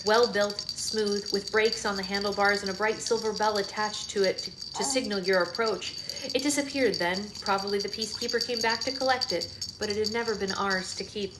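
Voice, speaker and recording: A woman's voice: medium pitch, normal speed, roomy sound, heavy background noise. A woman reading a novel aloud for a livestream book club, narrating steadily in the first person. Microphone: phone.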